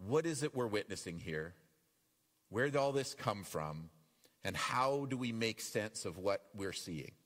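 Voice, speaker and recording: A man preaching a sermon as pastor, animated and acting out the voices in the passages he reads. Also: lowish voice, a little slow, big-room sound. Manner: animated, acts out quoted voices. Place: church.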